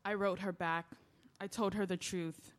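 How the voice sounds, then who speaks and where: A woman in a stage play who speaks in a confiding monologue. She rambles with emotional feeling, her voice at a mid pitch. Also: steady tone, a little slow. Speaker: lead character in a stage play.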